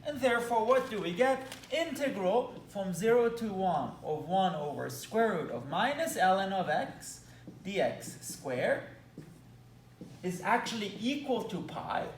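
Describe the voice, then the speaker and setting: A man with a Belgian accent explains math at a whiteboard with enthusiasm and little playful asides. His pitch swings lively up and down while he keeps a slow, deliberate pace. The sound is roomy and echoey, picked up from a distance with a faint hum behind. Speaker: math lecturer. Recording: echoey room, mic at a distance.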